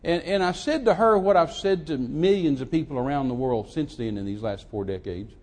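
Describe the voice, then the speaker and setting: A man in his sixties preaching a sermon, telling a story dramatically and swinging from hushed to loud, emphatic delivery. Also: on the high side, a little fast. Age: 60s.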